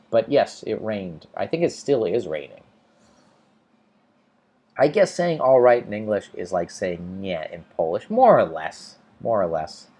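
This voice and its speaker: An American man hosts a casual English lesson livestream, reading chat comments in a lowish, laid-back voice. He thinks aloud, with lots of ums, fillers, and restarts.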